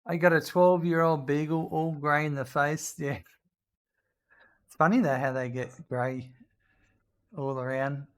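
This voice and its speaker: A man's voice: fairly high pitch, fairly even intonation, measured pace, pauses often, clear, resonant tone. Male streamer, casual rambling chat over gameplay, reads chat aloud. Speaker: game tutorial streamer. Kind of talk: casual chat while playing.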